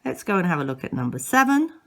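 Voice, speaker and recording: A woman teaching a language lesson, slowly modeling each word and exaggerating the tones for learners to repeat. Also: mid-range voice, sing-song, fairly bright tone. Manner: exaggerates rising and falling tones.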